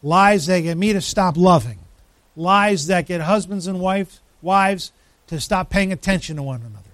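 A man preaching a sermon, emphatic, with dramatic pauses, rising lines and sudden drops to a hush. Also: high voice, no room sound. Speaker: pastor.

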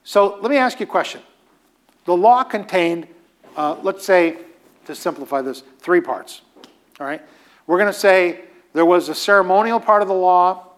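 A male preacher with a fairly high voice teaches in a loose, conversational sermon style. He hammers points home by repeating key phrases and drops casual asides as he goes. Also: expressive, moderate pace. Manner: emphatic, repeats phrases for stress.

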